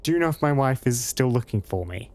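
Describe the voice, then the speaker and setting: A man's voice: medium pitch, expressive, fast, a little mellow. A man hosting a casual let's play, reading the dialogue aloud and adding jokey asides. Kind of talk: game playthrough commentary.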